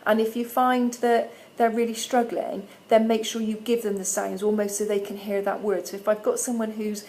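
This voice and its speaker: A woman, a primary school teacher giving parents a friendly instructional video, patiently sounding out letters slowly and clearly. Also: a little high, level tone, darkish tone, a little hiss or hum, low-quality recording.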